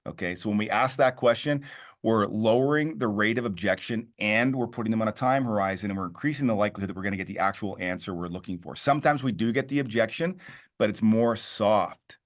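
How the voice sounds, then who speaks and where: Animated low-voiced Canadian sales coach. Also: male voice, quick pace. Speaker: real estate team leader, co-host.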